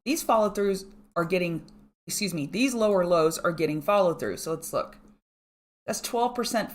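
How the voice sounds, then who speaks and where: Hosting a live stream ahead of the market open, a middle-aged female analyst chats rapidly in a lowish voice marked by a strong regional accent. Between notes on the charts, she greets viewers by name.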